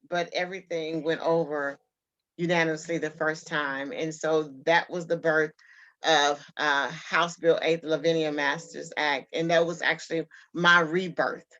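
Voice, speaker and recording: A woman's voice: sits low, pushed and bright, lo-fi sound. A woman guest telling a personal story in an interview, earnest and heartfelt.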